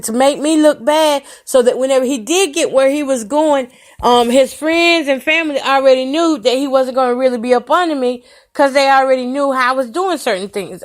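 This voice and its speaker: A woman hosting a podcast, telling a personal story candidly and emotionally and speaking to her listeners directly. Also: fairly high pitch. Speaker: podcast host.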